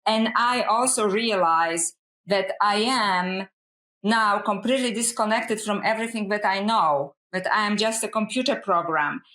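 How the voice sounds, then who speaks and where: Woman guest scholar, reflective and earnest, mid-pitched, echoey room sound. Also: a little slow, sharp tone. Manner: reflective, earnest, often says "you know". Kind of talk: conversational podcast interview. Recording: roomy echo.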